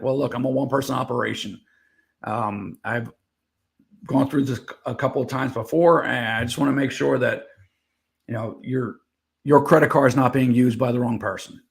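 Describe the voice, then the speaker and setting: A man talking as a podcast guest, telling a long story in a loose, rambling way and often correcting himself. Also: medium pitch. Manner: rambling, self-correcting, gravelly. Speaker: guest, veteran board game seller. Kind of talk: casual interview storytelling.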